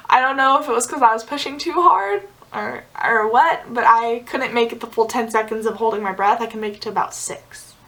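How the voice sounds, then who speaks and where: A woman's voice: a little high, fairly quick, few pauses, fairly bright tone, low-quality recording. A young woman vlogger telling a personal story in a casual, chatty way, full of "like" fillers and small laughs. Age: young adult. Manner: chatty, many "like" fillers, giggly asides.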